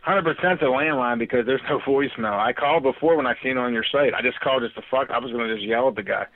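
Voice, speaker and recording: A man's voice: mid-range voice, fast, dry recording. A drunk man calling in to a talk show, brash, profane and rambling. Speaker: caller. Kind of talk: casual phone-in chat. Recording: tinny phone line.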